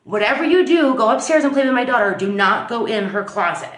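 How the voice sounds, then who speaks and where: A woman's voice: on the high side, animated, brisk, close to an everyday voice. A woman voicing a falsely cheerful, abusive stepmother, speaking in a sugary tone. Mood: stern. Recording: roomy echo.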